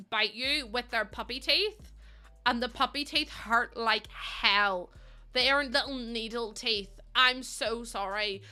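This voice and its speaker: Chatty bright-voiced young woman streamer. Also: on the high side. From UK or Ireland. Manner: chatty, rambling and exasperated, with frequent ums. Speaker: livestreamer. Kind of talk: casual chat with viewers.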